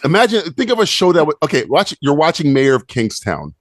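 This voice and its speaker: A man's voice: brisk, no room sound, clean studio sound. A man co-hosting a podcast, ranting in casual chat with lots of swearing and mocking put-on voices. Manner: animated, profane, mocking with squeaky put-on voices. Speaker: podcast co-host.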